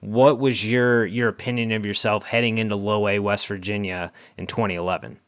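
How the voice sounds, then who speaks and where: Low-voiced male interviewer, dry sound. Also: steady tone, no room sound. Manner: halting, restarts his questions. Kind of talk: interview questions.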